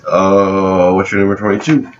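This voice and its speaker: A man from South Louisiana co-hosting a casual movie chat, relaxed and opinionated, chuckling often. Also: sits low, normal speed. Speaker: co-host of a movie review show. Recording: roomy, distant, dull, faint background hiss.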